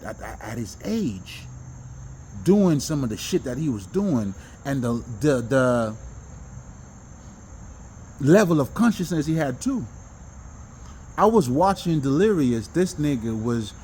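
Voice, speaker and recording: A man talking in a casual, rambling monologue about self-improvement, animated and profane, with many restarts and bursts of laughter. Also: fairly high pitch, a little hiss or hum. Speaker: self-help talker.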